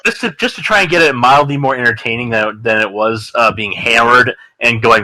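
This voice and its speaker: A man's voice: mid-range voice, a little fast, pushed and bright, no room sound, rough recording. A man in a casual podcast chat who talks bluntly and sarcastically and swears freely.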